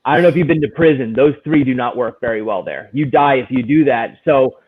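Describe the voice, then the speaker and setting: A man's voice: medium pitch, fairly quick, husky. A man in recovery sharing a personal testimony in a candid, searching way, full of restarts. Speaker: guest in recovery. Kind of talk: personal testimony in casual conversation. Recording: tinny phone-like line.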